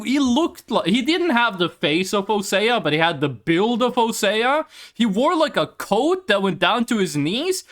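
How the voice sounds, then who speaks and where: A man's voice: high voice, a bit bright. A young adult man chatting casually on a live stream and telling a story with lots of profanity.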